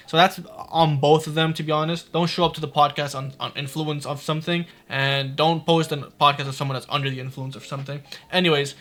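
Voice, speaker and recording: Bright-voiced blunt man doing reaction commentary. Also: fairly high pitch. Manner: blunt, swears often, talks fast in bursts. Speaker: commentary youtuber.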